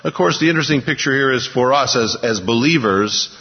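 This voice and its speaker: Husky-voiced man preaching in a reverberant hall. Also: medium pitch, expressive. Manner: preaching with rising emphatic bursts and slow drawn-out scripture reading. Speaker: pastor. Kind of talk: sermon. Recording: dull, lo-fi with long hall reverb.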